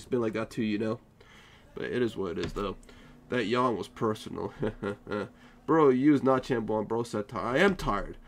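A man's voice: mid-range voice, a little hiss or hum. A tired young man chatting casually with viewers while he plays a live game stream, joking and defending himself. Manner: drowsy, playfully defensive banter.

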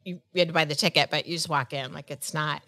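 A woman's voice: low-pitched, fairly even intonation, fast, bright, forceful tone, no echo, studio quality. A woman co-hosting a podcast, telling a rambling travel story in casual chat, restarting her sentences and laughing as she goes. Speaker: podcast co-host.

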